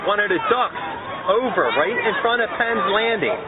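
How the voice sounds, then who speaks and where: A man with a Philadelphia accent on an emergency call, talking urgently and repeating himself. His voice is high, and it comes through a tinny phone line over loud crowd and street noise. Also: lively intonation, normal speed. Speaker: emergency caller.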